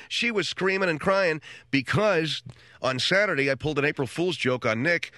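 A man's voice: a little high, animated, a little fast, pushed and bright, dry recording, studio quality. A middle-aged man hosting a radio talk show, telling rambling comic stories and acting out other people's voices along the way. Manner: rambling, wisecracking storyteller who acts out other people's voices.

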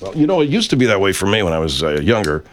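Comedy talk radio host, male, animated pitch, earnest delivery full of hesitations. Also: racing, slight background noise. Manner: hesitant, restarting, mock-earnest.

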